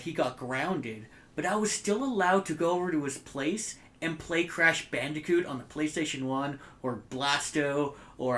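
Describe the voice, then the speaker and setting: A man in his twenties co-hosting a casual podcast, telling rambling stories with lots of fillers and swearing. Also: mid-range voice. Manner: rambling, animated storytelling with frequent fillers and swearing. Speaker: podcast co-host. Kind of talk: casual chat.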